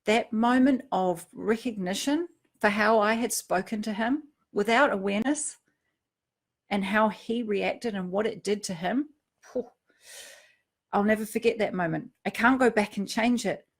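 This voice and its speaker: A middle-aged woman giving a reflective personal talk, earnest, dropping to a hush and then rising to emphasis. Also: medium pitch, a little slow. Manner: earnest, swings from hushed to emphatic. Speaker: speaker on emotional triggers.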